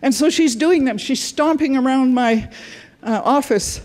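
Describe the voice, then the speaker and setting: A woman's voice: sits high, measured pace, hardly any pauses, darkish tone. A woman giving a conference talk, telling client stories earnestly in short phrases. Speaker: conference speaker.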